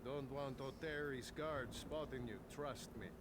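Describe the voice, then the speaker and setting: Guy voicing a smug jokey mine lookout in a game, chatty and crude, game audio with a clear hum behind. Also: mid-range voice, unhurried, lightly acted. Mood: cocky. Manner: joking, boastful, crude humor. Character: cocky, chatty male mine lookout, adult. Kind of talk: video game character dialogue. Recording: game audio with steady background noise.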